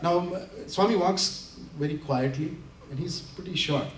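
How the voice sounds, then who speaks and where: A man with a slightly high voice tells anecdotes to a gathered audience, laughing often as he acts out each quote. He sounds a little away from the microphone, in a roomy hall with a faint hum of ambience behind him. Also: unhurried, far from the mic. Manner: animated, laughing often while acting out quotes. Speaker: invited speaker. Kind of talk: storytelling talk to an audience. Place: community center hall.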